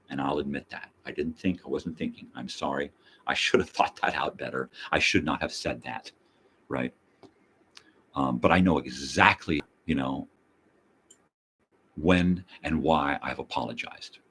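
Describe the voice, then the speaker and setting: A man's voice: rumbling low, a little hiss or hum. An older man hosting his own show, ranting bluntly with heavy profanity and mocking repetition. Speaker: host. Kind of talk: ranting monologue.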